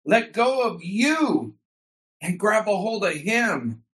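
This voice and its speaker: A man's voice: high voice, big pitch swings, takes it slowly, fairly bright tone. A man preaching a sermon with fervor and emphatic repetition, calling his congregation by a Hebrew word. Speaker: pastor.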